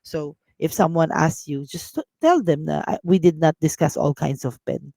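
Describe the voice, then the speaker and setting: A woman with a Filipino accent teaching a casual language lesson, drilling words slowly and mixing English with Tagalog. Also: low voice, warm tone, no room sound. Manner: clears throat often.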